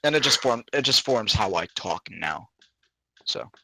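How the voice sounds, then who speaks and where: A man's voice: mid-range voice, lively intonation, measured pace, creaky, sharp tone, no room sound. A man from the American South, chatting crudely on a voice call and bursting into laughter. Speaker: friend on voice chat. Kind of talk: casual chat on voice call.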